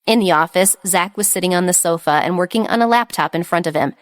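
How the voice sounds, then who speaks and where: A woman narrating a romance audiobook in an even, measured reading. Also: fairly low pitch, no echo, studio quality. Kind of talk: scripted narration.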